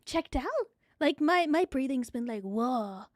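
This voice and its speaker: A woman from New Zealand with a New Zealand accent, chatting excitably on a live stream, a bit out of breath and swearing freely. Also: high-pitched, unhurried, no room sound, studio quality. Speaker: VTuber streamer.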